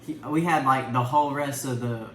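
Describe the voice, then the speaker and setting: Teen boy, bright forceful voice, hesitant with fillers, in an echoey room with faint ambience. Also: medium pitch, steady tone, brisk. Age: teenager. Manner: hesitant, many ums and likes. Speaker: son sharing his takeaway. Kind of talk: casual family discussion.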